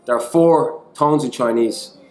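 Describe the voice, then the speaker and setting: A man's voice: mid-range voice, measured pace, darkish tone, soft background music. An Irish man giving a casual teaching talk, chatty and self-deprecating, mixing in bits of other languages. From Ireland. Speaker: online English teacher. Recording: echoey room.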